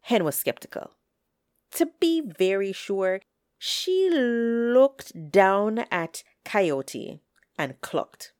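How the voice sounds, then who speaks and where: A woman storyteller telling folktales aloud with an expressive, drawn-out delivery. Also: fairly low pitch, no echo, studio quality.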